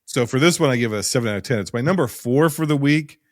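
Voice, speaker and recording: A man hosting a casual film podcast, talking in halting restarts and swearing casually. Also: medium pitch, animated, no echo, clean studio sound. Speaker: podcast host. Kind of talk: casual film-ranking chat.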